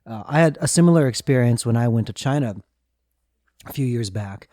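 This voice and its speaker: A man's voice: medium pitch, animated, brisk, mellow, no room sound, studio quality. A middle-aged man hosting a podcast, reflective and easygoing, asking questions and sharing his own travel stories. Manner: reflective, asks guiding questions, laughs lightly. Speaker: podcast host. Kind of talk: casual podcast chat.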